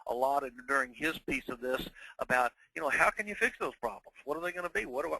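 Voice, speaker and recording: A man's voice: mid-range voice, pushed and bright, no room sound, rough recording. A man with a Northeastern New York accent giving a webinar presentation, talking conversationally and posing rhetorical questions.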